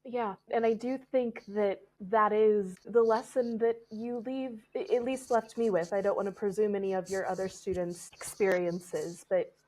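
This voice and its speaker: A woman's voice: mid-range voice, fairly even intonation, moderate pace, few pauses, a little mellow, poor audio. A young woman hosting a podcast interview, speaking earnestly and reflectively. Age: young adult. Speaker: podcast host. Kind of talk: conversational interview.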